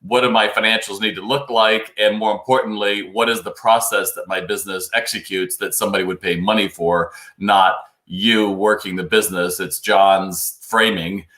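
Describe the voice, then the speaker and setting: A man's voice: on the low side, steady tone, normal speed, hardly any pauses, sharp tone, reverberant. Chatty male retail advice host. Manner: chatty and advisory, reads out viewer comments. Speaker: host of a live retail Q&A stream. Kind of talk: casual live-stream talk, answering viewer questions. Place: home studio, New York.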